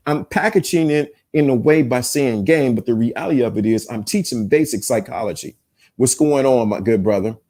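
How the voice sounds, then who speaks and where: A man with a mid-range, slightly mellow voice hosts a live-streamed relationship podcast. Addressing his chat, he delivers self-help talk in an emphatic, preachy manner and often repeats himself.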